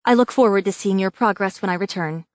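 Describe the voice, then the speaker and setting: The narrator voices a composed young heroine leading her village in a fantasy audiobook. She speaks steadily and with quiet authority. The sound is close and dry. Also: mid-range voice, fast talker, no room sound, close to an everyday voice. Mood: reassuring. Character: calm, commanding young woman leader.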